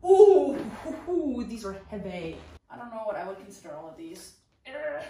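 A woman's voice: mid-range voice, sing-song, moderate pace, creaky, warm tone, slight background noise. Young female booktuber, upbeat and chatty, recorded far off in a bedroom. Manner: chatty, swears casually. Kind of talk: casual vlog chat while tidying. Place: her bedroom. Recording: echoey room, mic far off.

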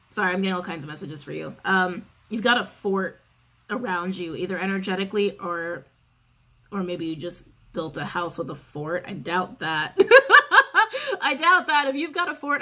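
A woman of middle pitch talks her way through a tarot reading in a loose, chatty flow. She is sassy and swears without a pause, circling back to say the same words again and again. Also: fairly bright tone. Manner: chatty, sassy, swears freely, repeats phrases. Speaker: tarot reader. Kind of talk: casual spoken tarot reading.

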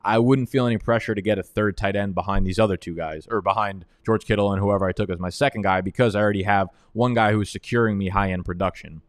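A man's voice: lowish voice, fairly even intonation, fast talker, hardly any pauses, smooth, no room sound, clean studio sound. A young man giving casual, profane, trash-talking commentary on a live stream. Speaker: fantasy football analyst.

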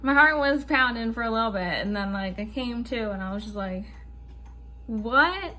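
A woman's voice: a little high, lively intonation, normal speed, pushed and bright. A young woman telling a story to her camera in a casual, chatty way, swearing and laughing nervously. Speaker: vlogger.

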